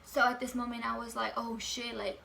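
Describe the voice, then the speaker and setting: A woman's voice: on the high side, level tone, fairly quick, vocal fry, pushed and bright, slight background noise. A woman in her late teens telling a casual storytime at home, chatty and full of fillers, swearing freely. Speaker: vlogger.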